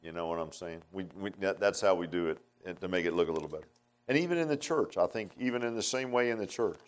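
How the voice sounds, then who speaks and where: A man preaching a sermon in a folksy, conversational way, swinging between emphatic outbursts and hushed asides. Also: low-pitched, animated, fast talker.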